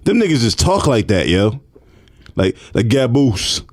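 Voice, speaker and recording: Animated, laughing man in casual chat. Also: fairly low pitch, normal speed. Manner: laughs a lot, animated storytelling with voiced quotes. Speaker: podcast co-host.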